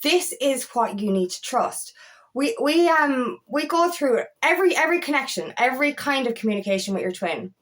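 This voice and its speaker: A woman's voice: high voice, expressive, normal speed. A woman coach talking casually to camera, emphatic and swearing freely, with exasperated outbursts. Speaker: feminine empowerment coach.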